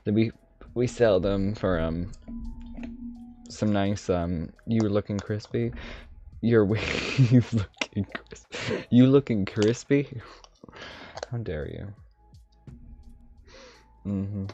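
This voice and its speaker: A man's voice: fairly low pitch, slow pace, pauses often, warm tone. A man voicing an ancient, mischievous male dragon mage with a lisp and a put-on dragonish accent, rambling playfully on a live stream. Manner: rambling, playful, self-amused asides. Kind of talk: in-character live stream chat. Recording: slightly dull stream audio, faint music.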